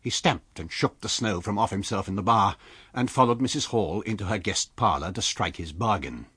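A man reading a classic novel aloud for radio, with measured storytelling and light character voices. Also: fairly low pitch, a bit bright, slightly rough, no room sound. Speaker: audiobook reader.

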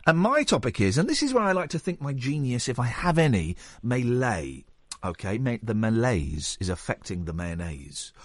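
A man's voice: mid-range voice, sing-song, normal speed, no echo, studio quality. A man hosting a radio show in a playful, rambling, teasing way. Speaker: radio host. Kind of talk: casual radio chat. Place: radio studio.

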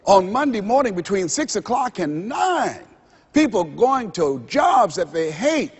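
A motivational speaker with a high, breathy-edged voice delivers a very animated, slightly slow seminar speech from a stage in a large hall before a live audience. He is dramatic and preacher-like, building up his points and acting out the voices in his stories. The lo-fi recording carries heavy reverb from the hall.

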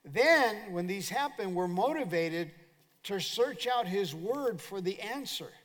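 A man's voice: sits high, lively intonation, measured pace. An older man preaching a sermon as pastor, drawing call-and-response from the congregation. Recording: long hall reverb.

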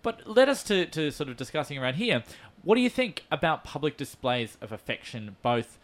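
A man with an Australian accent hosting a casual radio talk show, animated and camp. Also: on the high side, fairly quick.

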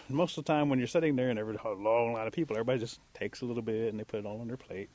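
A man telling a traditional animal tale aloud, bringing the animals to life with lively delivery. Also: mid-range voice, rapid-fire, few pauses, dry recording. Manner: animated, acts out voices of animals. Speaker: storyteller. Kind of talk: oral storytelling.

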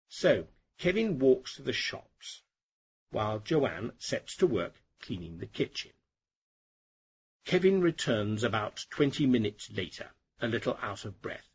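A middle-aged man hosting an English-learning podcast, narrating a lesson slowly and clearly for learners. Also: mid-range voice, sing-song, lo-fi sound. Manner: slow, clear and deliberate for learners. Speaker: English teacher, podcast host.

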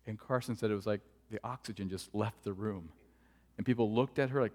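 A male pastor preaching in a church sanctuary, his mid-range voice carrying earnest stories and sinking to a hush at tender points. The sound rings with a long reverb tail from the hall. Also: medium pitch, moderate pace. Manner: earnest storytelling, dropping to hushed tones for tender moments. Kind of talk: sermon.

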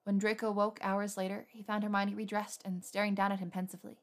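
A woman reader narrating a romance story in a steady, intimate way. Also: mid-range voice, quick pace. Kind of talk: scripted fan fiction narration.

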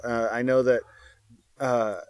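A man's voice: mid-range voice, flat delivery, slow, darkish tone, clear, resonant tone, no room sound. A man co-hosting a casual chat, talking loosely, swearing often and laughing a lot. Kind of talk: casual chat about movies.

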